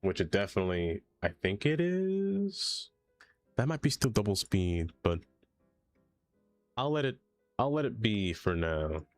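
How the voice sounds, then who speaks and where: A man with a slightly low voice gives casual running commentary on his city-building game. He jokes to himself as he works. Faint music plays under his voice. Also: lively intonation, moderate pace, pauses often, no room sound. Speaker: streamer.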